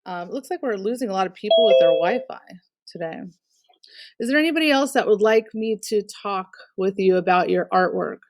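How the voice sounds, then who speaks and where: A woman's voice: medium pitch, animated, a little fast. A woman art teacher running a live online class, going through student work with encouraging but frank critique. Her voice sits in a middle register and comes through a computer mic with a dry, close sound and no room echo. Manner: encouraging, gives direct critique with fillers.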